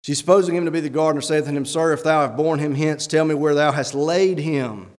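A man's voice: on the high side, steady tone, fast, darkish tone. A man, a church elder, preaching a sermon with emphatic rhetorical questions and reading scripture aloud. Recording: long hall reverb.

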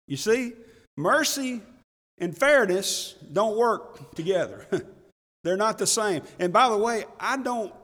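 A man's voice: high-pitched, a bit bright, in a large hall. A man preaching a folksy, conversational sermon as pastor, often laughing and repeating himself for emphasis. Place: church sanctuary.

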